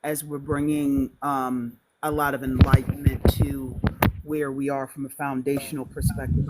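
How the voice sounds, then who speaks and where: A man joining a live stream as a guest, speaking in a measured, formal way with many fillers. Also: medium pitch, very noisy.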